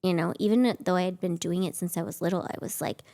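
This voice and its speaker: Gravelly-voiced woman telling rambling stories. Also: fairly low pitch, fairly even intonation, quick pace, mellow. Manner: rambling storytelling, many fillers like "like". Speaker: podcast guest, actress. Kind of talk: casual chat.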